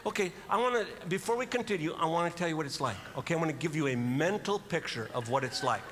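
High-voiced man doing live stand-up. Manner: animated, does sound effects and quick voices. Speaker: stand-up comedian. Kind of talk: stand-up comedy storytelling. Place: live stage before an audience. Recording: live hall with long reverb and audience noise.

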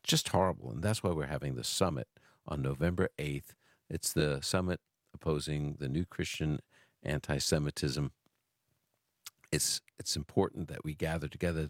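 A man's voice: a bass voice, no echo. A man hosting a call-in radio show, talking earnestly with restarts and fillers into a studio mic.

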